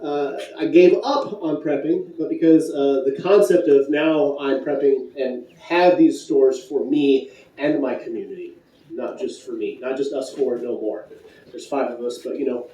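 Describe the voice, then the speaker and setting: This conference speaker, a Michigan man, has a warm, medium-pitched voice and talks a little slowly. His live talk is playful and pun-laden, with plenty of back-and-forth with the audience, recorded at a distance in an echoey conference hall.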